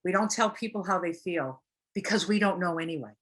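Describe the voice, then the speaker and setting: A woman's voice: on the low side, animated, brisk, a bit bright, husky. A woman giving a casual teaching talk on recovery, earnest and plain, acting out little example quotes as she goes. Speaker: recovery speaker.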